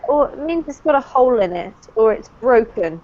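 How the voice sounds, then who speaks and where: A woman's voice: fairly high pitch, animated. A British woman teaching English to a small group over a video call, explaining pronunciation patiently and encouraging her students. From United Kingdom. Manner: encouraging, explains slowly and clearly. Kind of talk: online group lesson. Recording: dull lo-fi online call audio.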